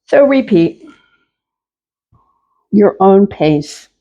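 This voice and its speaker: Mellow-voiced woman guiding chair yoga. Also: medium pitch, dull audio. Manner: slow, calm, repetitive cueing. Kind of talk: guided exercise class instruction.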